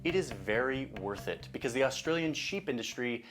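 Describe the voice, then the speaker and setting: A man's voice: mid-range voice, expressive, fairly quick. Wry man narrating over music. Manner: chatty and wry, with asides. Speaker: video narrator. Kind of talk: casual narrated explainer video.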